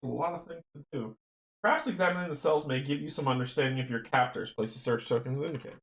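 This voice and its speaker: A man's voice: medium pitch, quick pace, a bit bright. A man playing a board game solo, reading the game text aloud and chatting to himself with chuckles. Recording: roomy echo.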